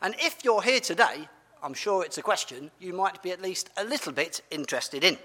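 A man's voice: high-pitched, expressive, brisk, pushed and bright, long reverb tail. A man giving a playful, family-friendly sermon as a preacher, asking his audience questions as he goes.

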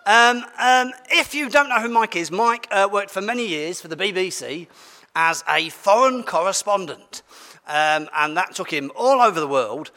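A man's voice: sits high, expressive, moderate pace, pushed and bright. A man, preaching a playful, interactive sermon and bantering with his congregation in a large church. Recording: long church hall reverb.

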